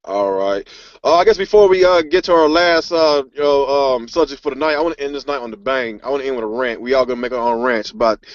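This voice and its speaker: A man's voice: medium pitch, quick pace. A man hosting a casual podcast, ranting angrily with a lot of swearing. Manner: profane angry ranting. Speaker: podcast host. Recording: dry, muffled lo-fi audio.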